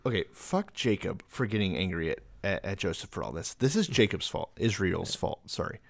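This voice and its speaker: Wry low-voiced man explaining. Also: sing-song, fairly quick, creaky, no room sound. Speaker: podcast co-host. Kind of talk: casual chat.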